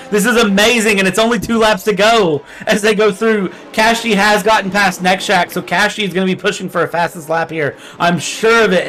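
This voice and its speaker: A young man giving fast, energetic live commentary on an online sim race. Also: sits high. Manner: energetic, quick play-by-play.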